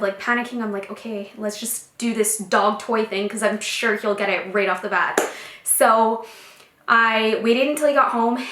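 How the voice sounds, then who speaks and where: A young woman vlogger telling a personal story casually to her viewers, chatty and animated, acting out what people said. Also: medium pitch, reverberant. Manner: chatty, animated, many fillers and acted-out quotes.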